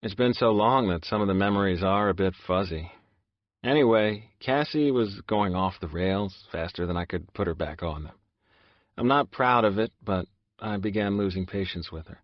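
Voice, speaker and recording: A man's voice: deep voice, no room sound, dull audio. A man narrating a first-person audiobook in a subdued, confessional way.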